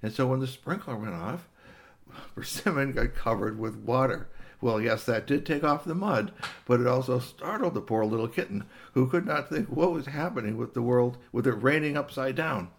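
A man's voice: medium pitch, normal speed, creaky. A man improvising a children's story about a cat, rambling along with fillers and little gasps.

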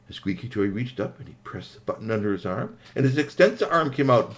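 An older man telling a bedtime story to children, animated, with playful sound effects. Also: medium pitch, a little fast, few pauses.

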